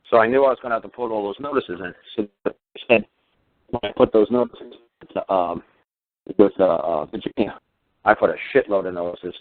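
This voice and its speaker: A man's voice: lowish voice, fairly quick, dry recording. A middle-aged man rants heatedly on a radio call-in, swearing hard and hammering each point. His voice comes through a thin, tinny phone line with a dry, close sound. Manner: profane, emphatic, heated ranting. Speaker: radio talk show host. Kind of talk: casual radio talk rant.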